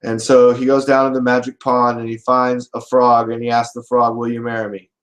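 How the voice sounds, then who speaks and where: A man's voice: mid-range voice, monotone, moderate pace, poor audio. A man hosting a show, telling a crude joke in a loose, rambling way with lots of profanity. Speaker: show host. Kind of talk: comic storytelling.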